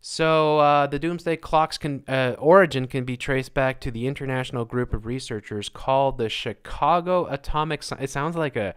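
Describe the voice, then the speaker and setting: A man's voice: mid-range voice, moderate pace, hardly any pauses, smooth. A man hosting his own podcast, delivering a sarcastic, mocking opinion monologue and laughing at his own jokes. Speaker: podcast host.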